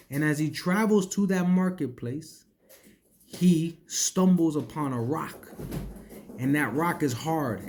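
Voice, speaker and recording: A man's voice: on the high side, a little mellow. A man teaching spiritual lessons by retelling a sacred story, checking in with listeners with a frequent "right?" and repeating words as he rethinks a sentence.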